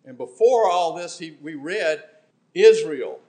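A man preaching a sermon in church, impassioned, swinging between emphatic bursts and quiet, intimate asides. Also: fairly high pitch, animated, unhurried.

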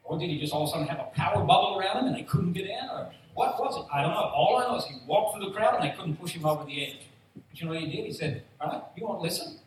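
A man preaching a sermon, telling stories with animated voices for each character. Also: high voice, racing. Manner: animated storytelling, acting out voices. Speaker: pastor. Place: church hall. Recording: distant roomy hall mic with faint noise.

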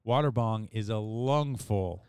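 A man's voice: lowish voice, a little slow, darkish tone, clear, resonant tone, no echo, clean studio sound. A man hosting a podcast, telling a long story in casual chat, laid back and rambling, with restarts and swearing. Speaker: podcast host.

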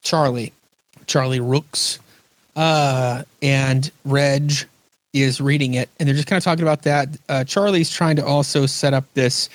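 A man with a mid-range voice hosts a podcast in a steady tone at a measured pace, with no echo. He chats casually about comics, rambling as he recaps scenes and acts out the quoted lines.

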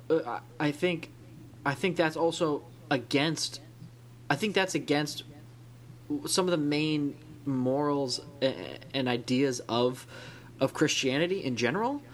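A man co-hosting a podcast in casual discussion, talking in a thoughtful, rambling way with many restarts. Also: fairly high pitch. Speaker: podcast co-host.

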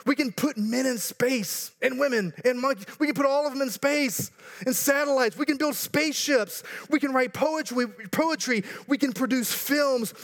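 A man's voice: very high-pitched, normal speed, a bit bright. A pastor in his thirties or forties preaching a sermon earnestly, building to emphatic repeated lines with joking asides.

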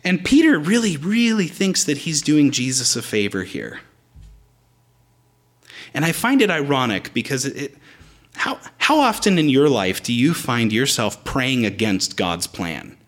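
Brief: male preacher, mid-pitched, very animated delivery, explains the Greek text. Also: measured pace. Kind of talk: sermon.

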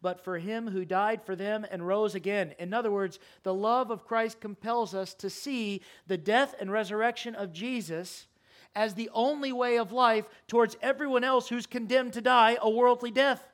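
A man preaching a sermon in a church, impassioned, his voice climbing high and loud, then sinking to a quiet, earnest plea. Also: steady tone, moderate pace. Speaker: pastor. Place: church sanctuary.

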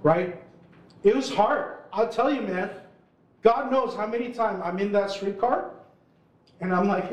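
A man in his forties gives a casual storytelling talk to a live audience. His voice sits high for a man, and he talks in a relaxed, conversational way. The sound carries the roomy echo of a hall. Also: unhurried, pauses often. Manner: casual, chatty storytelling full of "like" and "right?". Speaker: urban ministry worker speaking at an event.

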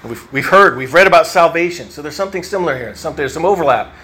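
Bright-voiced male pastor preaching conversationally. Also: fairly high pitch, expressive, quick pace. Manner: conversational, reflective, thinking aloud with fillers. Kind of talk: sermon. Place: church.

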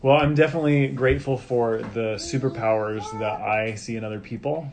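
Sex: man. Role: father hosting a family podcast. Style: casual family chat. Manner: relaxed and rambling, with many fillers. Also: medium pitch, a little fast, gravelly, a crowd in the background.

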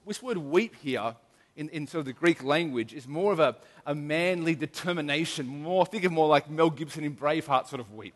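A middle-aged man preaching an earnest, emphatic sermon as a pastor, often restarting his sentences. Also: a little high. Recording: long hall reverb.

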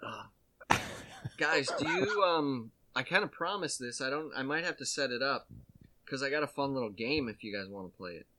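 Man, casual comedy host, rambling and jokey, even middle pitch, slips into quick put-on voices when telling a story.

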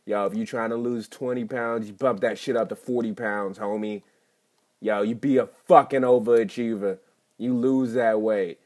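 A man's voice: lowish voice, steady tone, normal speed. Profane rambling man hosting a podcast. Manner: profane, rambling, jokey, with sudden loud outbursts. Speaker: podcast host and stand-up comedian. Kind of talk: casual rambling monologue.

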